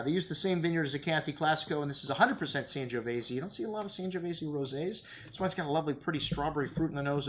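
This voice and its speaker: A man with a fairly high voice hosts a casual wine review. He talks in a relaxed, chatty way and rattles off tasting notes one after another. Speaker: wine shop host reviewing wines.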